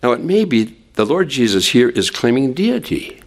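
A man preaching an expository sermon, asking the congregation rhetorical questions and dropping low and soft when he quotes scripture. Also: moderate pace. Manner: animated, drops low and soft for quoted words.

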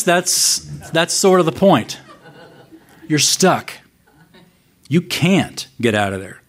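A man preaching a sermon as a pastor, expressive, slowing down for emphatic scripture reading. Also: a little high.

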